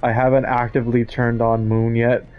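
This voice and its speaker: A man's voice: medium pitch, level tone, moderate pace, lo-fi sound, faint music behind. A man streaming a horror game live, nervously talking to himself and swearing often. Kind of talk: live gameplay commentary.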